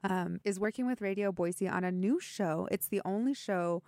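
A woman's voice: medium pitch, moderate pace, a little mellow, no room sound. A woman from Mexico co-hosting a podcast, explaining at length in casual chat and laughing often. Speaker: podcast co-host. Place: radio studio.

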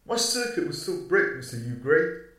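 A man voicing an irritable female humanoid robot politician who scolds loudly. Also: fairly high pitch, big pitch swings, normal speed, very echoey, distant mic. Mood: indignant. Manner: indignant, scolding.

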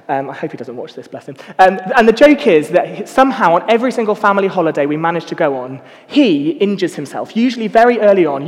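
A man's voice: on the high side, big-room sound. A young man giving a casual, self-mocking sermon full of personal stories. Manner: self-mocking, chatty storytelling. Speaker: preacher.

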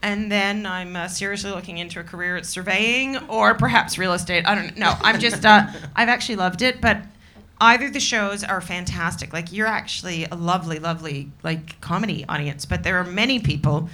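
A middle-aged woman, a stand-up comedian, chatting as a guest in a quick, sarcastic, self-mocking way. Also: lowish voice, pushed and bright, slight background noise. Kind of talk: casual comic chat.

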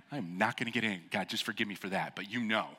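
A male pastor delivers a sermon in a church sanctuary, his voice bright and forward. He is animated and jokey, slipping into playful voices for the characters in his story. A long reverb from the hall trails each phrase. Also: on the low side, racing. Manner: animated, jokey, acts out voices of the people he preaches about.

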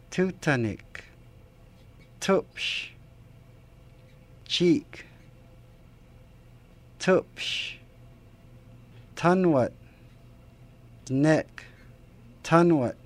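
A man in a language lesson, saying each word and its translation slowly and deliberately. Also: fairly high pitch. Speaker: language teacher. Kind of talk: pronunciation drill.

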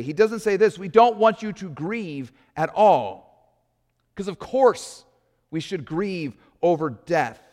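A man with a high voice delivers a sermon in a reverberant church hall. He preaches earnestly, slowing down for weight and dropping to a hush on key lines before rising again. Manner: earnest preaching with dramatic slow pauses, swings from loud to hushed. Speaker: pastor.

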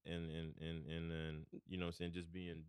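A man's voice: low voice, completely flat delivery, normal speed, darkish tone, clean tone, dry recording, studio quality. A man co-hosting a casual podcast chat, laid-back, laughing often and trailing off as he talks. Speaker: podcast co-host.

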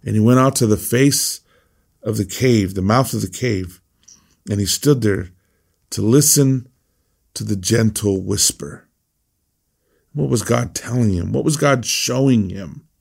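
A man's voice: lowish voice, a little slow, gravelly, long pauses, a little mellow, slightly rough. A man teaching a devotional Bible message as a pastor, earnest and repeating phrases for emphasis.

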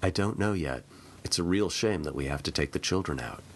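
A man voicing a calm female police officer who speaks quietly and gently. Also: a bass voice, a little fast.

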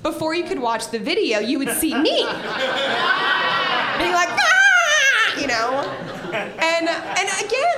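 A young woman tells a funny story on a live stage, laughing and acting out her own screams. Her voice is high. The hall is roomy, with a crowd in the background. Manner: animated, laughing, acts out screams. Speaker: storyteller guest. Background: audience.

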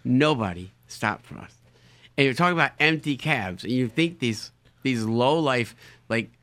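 Man telling animated stories, dry sound. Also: mid-range voice, normal speed, no room sound. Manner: animated, repeats words while searching for phrasing. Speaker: storyteller, show guest. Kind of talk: casual anecdote telling.

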